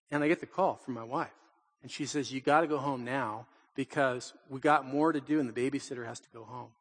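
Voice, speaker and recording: An older man, a pastor, telling family stories in a lively sermon, acting out quotes and laughing often. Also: medium pitch, in a large hall. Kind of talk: storytelling sermon. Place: church in Portland.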